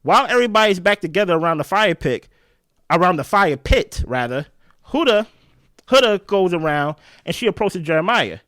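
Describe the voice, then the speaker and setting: A man hosting a casual reality show recap, talking in an animated, slangy way. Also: high-pitched, moderate pace, no echo, clean studio sound. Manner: animated, slangy, jumps into quoted voices.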